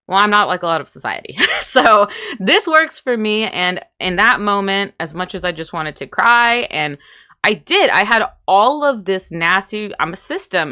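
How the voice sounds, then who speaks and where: Bright-voiced young woman telling a story. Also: fairly low pitch. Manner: candid, self-deprecating, laughs while telling. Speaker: vlogger. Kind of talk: storytime vlog.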